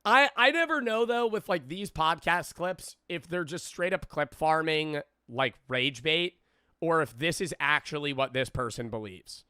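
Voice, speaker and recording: A man's voice: on the high side, lively intonation, measured pace, pushed and bright, smooth, no room sound, clean studio sound. A young man streaming casual reaction commentary, rambling and sarcastic, swearing constantly.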